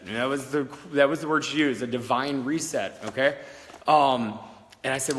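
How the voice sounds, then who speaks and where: A man's voice: medium pitch, steady tone, normal speed, fairly bright tone, long reverb tail. A man in his thirties, a psychic medium, telling a personal story in a rambling, candid, casual way, often checking in with "all right?" and swearing now and then. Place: old country schoolhouse, indoors.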